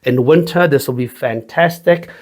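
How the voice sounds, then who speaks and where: Man, mid-pitched, hosts a casual whisky review in his home studio; loose, crude and jokey. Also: moderate pace. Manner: joking, profane, rambling. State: sweating in the heat.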